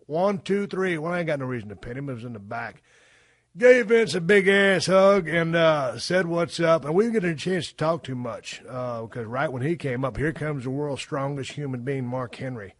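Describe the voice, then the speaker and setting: A middle-aged man hosting a podcast, telling stories in a profane, folksy way that swings from low mumbles to loud bursts. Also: moderate pace, no room sound, studio quality. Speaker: podcast host. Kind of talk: casual storytelling monologue.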